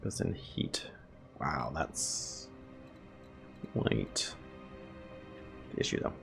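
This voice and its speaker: This gameplay host has a very deep, slightly bright voice with vocal fry, and he speaks very slowly but in a very animated way. With game music in the background, he gives casual let's play commentary, chatting and musing aloud to viewers.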